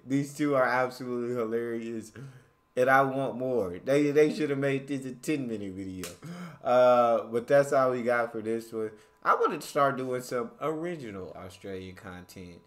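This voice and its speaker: A young American man hosting a reaction video, chatting loosely with plenty of fillers and laughter. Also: mid-range voice. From United States. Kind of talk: casual reaction commentary.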